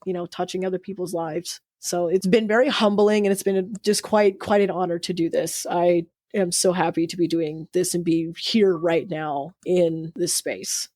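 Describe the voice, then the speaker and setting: A woman's voice: on the low side, fairly even intonation, normal speed, few pauses, darkish tone, no echo, clean studio sound. A woman co-hosting a podcast, talking in a casual, earnest and rambling way with many fillers and restarts. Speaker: podcast co-host. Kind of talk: casual heartfelt chat.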